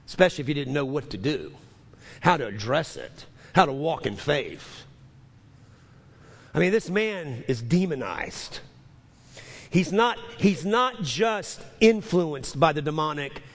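Male pastor preaching, high voice, stammering restarts, emphatic repeats, hall reverb. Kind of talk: sermon.

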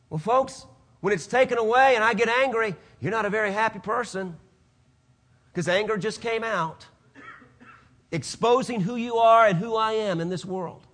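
A man preaching a sermon, swinging from loud declarations to hushed, quiet asides. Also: sits high, normal speed.

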